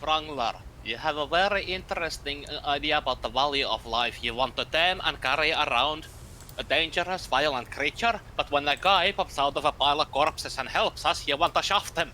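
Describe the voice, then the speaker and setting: Brief: a man doing an exasperated dwarf who lectures his party, bright and pushing. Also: on the high side, normal speed, a little hiss or hum, low-quality recording. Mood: lecturing. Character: indignant male dwarf adventurer.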